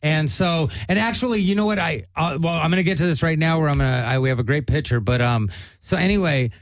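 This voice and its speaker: A man's voice: fairly high pitch, fast talker, no room sound, rough recording. A man telling a long, profane story on a casual talk show and acting out the voices of the people in it. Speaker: guest comedian.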